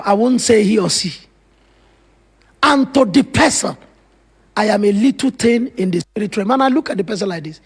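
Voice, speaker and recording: High, gravelly preacher. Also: male voice. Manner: dramatic preaching, tells Bible stories with emphatic asides. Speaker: pastor. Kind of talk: sermon.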